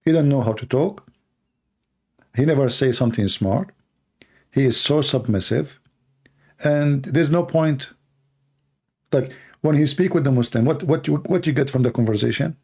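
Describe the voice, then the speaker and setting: A hoarse man hosts a live Q&A stream in non-native English, arguing through rapid rhetorical questions. His voice is gravelly and husky, with a dark, mellow tone. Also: medium pitch. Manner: argumentative, fires rhetorical questions. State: hoarse, coughing. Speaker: debate livestream host.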